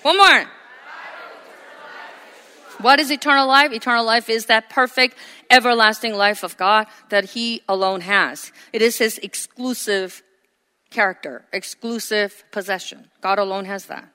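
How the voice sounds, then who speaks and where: A woman in her forties preaching a sermon, moving between loud, emphatic lines and quiet, conversational asides. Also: on the high side, steady tone, unhurried, clean tone, big-room sound. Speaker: pastor.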